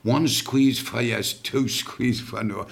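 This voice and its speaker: A man as a podcast guest, telling family stories in an animated way and laughing at his own tales. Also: medium pitch, slow pace, vocal fry.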